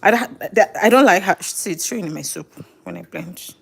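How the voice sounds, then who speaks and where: A woman's voice: fairly low pitch, animated, moderate pace, vocal fry, fairly bright tone, husky. A middle-aged woman chatting casually while cooking live at home, thinking aloud and correcting herself as she goes. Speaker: home cook and live streamer. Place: home kitchen.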